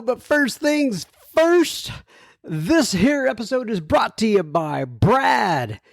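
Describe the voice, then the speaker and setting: A man's voice: very high-pitched, vocal fry, dry recording, clean studio sound. A man hosting a recovery podcast, talking in a chatty, rambling way with chuckles and asides. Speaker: podcast host. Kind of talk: casual podcast intro.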